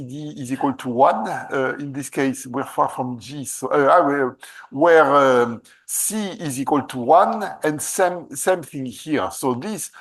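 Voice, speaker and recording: A man giving a live mathematics lecture, halting and restarting often, with many fillers and a questioning "eh?" tag. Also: fairly high pitch, poor audio. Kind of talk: live university lecture at a board.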